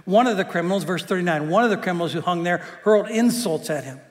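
Animated and fast, a man whose voice sits high preaches a sermon as a pastor, joking conversationally and often repeating himself. The sound carries a long hall reverb.

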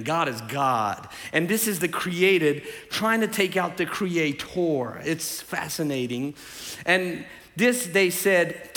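Animated high-voiced man preaching. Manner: animated, swings from loud emphasis to hushed asides, addresses the congregation. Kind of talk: sermon. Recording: hall reverb.

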